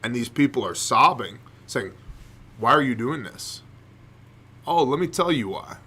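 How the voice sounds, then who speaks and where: A man's voice: medium pitch, lively intonation, a little slow, pushed and bright, husky. A man hosting a podcast, giving impassioned faith-based commentary full of rhetorical questions and emphatic repetition. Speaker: podcast host.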